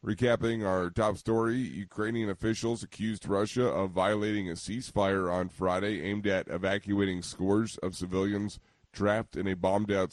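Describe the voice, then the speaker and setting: A man reading a radio news bulletin as the anchor, in a measured, even delivery. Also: low-pitched, no room sound.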